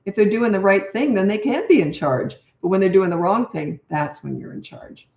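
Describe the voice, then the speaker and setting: Older female coach, firm no-nonsense delivery, mid-pitched voice in a roomy, echoing space. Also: normal speed, gravelly. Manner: blunt, firm, demonstrates calm tone. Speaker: parenting coach. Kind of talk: live Q&A, answering viewer questions.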